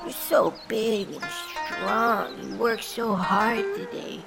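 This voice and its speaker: A woman's voice: fairly high pitch, big pitch swings, slow pace, gravelly, exaggerated voice. A woman voicing a fawning, sultry masseuse in a spoof radio ad. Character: gushing flattering masseuse woman. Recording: music playing behind.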